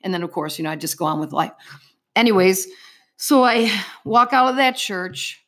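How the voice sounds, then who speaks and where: A woman's voice: medium pitch, animated, normal speed, a bit bright. A middle-aged woman giving an earnest personal faith testimony as an interview guest, telling her story vividly in the present tense.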